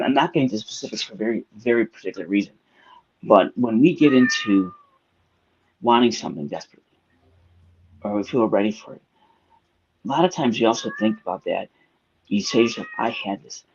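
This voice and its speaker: A man's voice: on the low side, breathy edge, muffled recording. A man co-hosting a spiritual live-stream discussion, reflective and storytelling, speaking in long winding sentences. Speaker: co-host.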